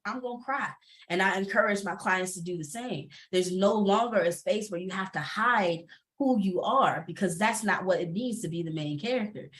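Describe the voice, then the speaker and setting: A woman's voice: lowish voice, fairly bright tone. A woman from Atlanta, speaking expressively and laughing often as a panelist entrepreneur on a video call. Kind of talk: panel discussion, personal testimony.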